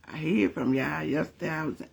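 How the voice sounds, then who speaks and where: A middle-aged man, telling his viewers a family story in a chatty, animated way and calling on the Lord. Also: on the high side, a little fast, gravelly, husky. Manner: animated, chatty, laughs often, calls on the Lord. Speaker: vlogger.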